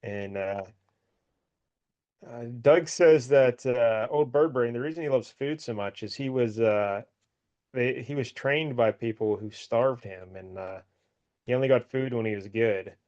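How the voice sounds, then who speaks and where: A man's voice: medium pitch, a little slow, darkish tone, dull audio. Man rambling through a comic recap. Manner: rambling, amused retelling with filler words. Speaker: podcast co-host. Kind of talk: casual chat, comic book recap.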